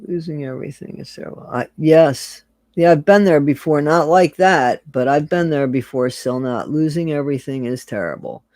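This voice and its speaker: A man's voice: a little high, moderate pace, darkish tone, no room sound. A man hosting a casual live stream, talking earnestly and emotionally, swearing now and then and greeting viewers from the chat by name.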